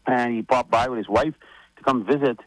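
A man giving community updates on the radio in a rambling, halting way, full of fillers and restarts. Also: mid-range voice, poor audio. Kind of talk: casual radio chat.

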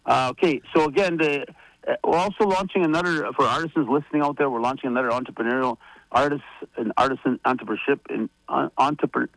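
Gravelly middle-pitched man, casual radio chat, halting and rambling, dry close mic. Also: a bit bright, dry recording, poor audio. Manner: rambling, halting with many fillers and restarts. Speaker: federation leader giving updates on radio.

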